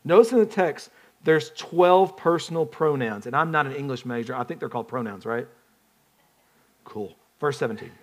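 A man's voice: medium pitch, lively intonation, normal speed. A man preaching a sermon in a conversational way, often putting questions to the congregation and restarting his phrases. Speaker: pastor.

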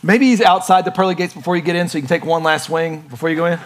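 Male pastor, slightly higher voice, chatty lively sermon delivery with playful acted-out bits. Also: rapid-fire.

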